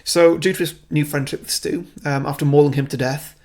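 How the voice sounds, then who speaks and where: A man co-hosting a podcast and chatting in a relaxed way, with lots of fillers as he reads through his script. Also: fairly high pitch, fairly quick. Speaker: podcast co-host reading his fan script. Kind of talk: casual podcast chat.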